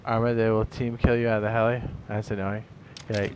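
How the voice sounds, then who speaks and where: A man's voice: lowish voice, quick pace, a little hiss or hum. Rambling, profane man streaming a game. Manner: rambling, profane, laughs at his own jokes. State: tired. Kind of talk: casual stream commentary.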